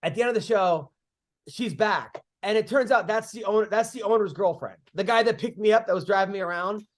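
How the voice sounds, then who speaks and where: A middle-aged man hosting a podcast, telling comedy-road stories in casual chat, animated, swearing freely and acting out what people said. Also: sits high, fairly quick. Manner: animated storyteller, swears freely, acts out quotes.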